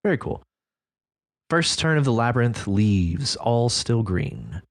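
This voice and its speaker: A man co-hosting a writing podcast, talking over listener stories in a relaxed, agreeable way with lots of fillers. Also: medium pitch, takes it slowly, gravelly. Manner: laid-back, agreeable, many fillers. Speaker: podcast co-host. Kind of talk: casual discussion of listener stories.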